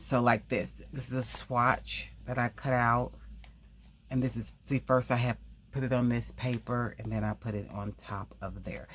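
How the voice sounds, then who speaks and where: A woman hosting a craft video, talking quickly in a rambling, casual way and often correcting herself mid-sentence. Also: very deep voice, little pitch movement, fairly bright tone, husky. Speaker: craft channel host. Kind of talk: casual craft tutorial chat.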